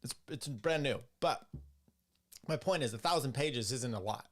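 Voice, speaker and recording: A man's voice: mid-range voice, lively intonation, moderate pace. A young man hosting a podcast, rambling and sarcastic as he comments on clips, with frequent restarts and asides. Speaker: podcast host. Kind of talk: casual commentary.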